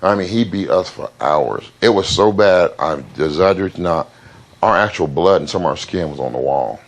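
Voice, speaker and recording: Deep-voiced man, interview guest, plain halting storyteller with fillers.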